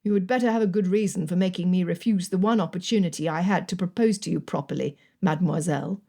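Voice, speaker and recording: An earnest, gruff young colonel, a hopeful romantic in a storybook romance, as a woman narrator voices him. The voice drops lower than the reader's own and keeps a mellow, soft tone. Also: fast. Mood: exasperated.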